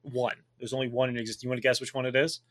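A boisterous man in his thirties chats loosely on a podcast, swearing freely and laughing often. His voice is bright and forceful. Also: mid-range voice, little pitch movement, rapid-fire. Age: 30s. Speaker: podcast co-host, military veteran. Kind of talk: casual chat.

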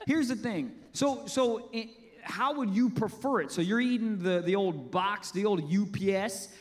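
Goofy high-voiced male comedian. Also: a little slow. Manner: goofy, rambling crude storytelling. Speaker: podcast co-host. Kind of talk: live comedy podcast banter. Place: live stage show before an audience.

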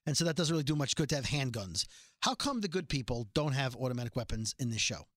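A man's voice: mid-range voice, expressive, quick pace, fairly bright tone, dry recording, clean studio sound. A man casually recapping a TV episode as a podcast host, chatty and joking, with rambling asides. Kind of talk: casual chat.

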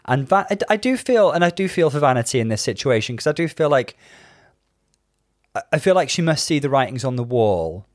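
A man's voice: mid-range voice, very animated, brisk, dry recording, studio quality. A man co-hosting a casual chat podcast, thoughtful and analytical, weighing stats and feelings. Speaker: podcast co-host.

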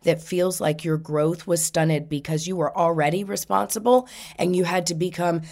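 A woman's voice: lowish voice, fairly even intonation, normal speed, a little mellow. A woman host giving a spiritual reading, passing on messages with frequent laughter. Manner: relays messages in quotes, laughing often. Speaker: psychic medium.

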